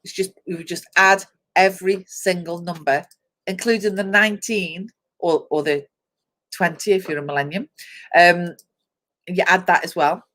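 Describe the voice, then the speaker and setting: A woman's voice: on the low side, steady tone, moderate pace, fairly bright tone. Chatty woman reading out a list. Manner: chatty, reads lists aloud, talks to viewers by name; laughs often, explains step by step. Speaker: host. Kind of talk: live online chat show.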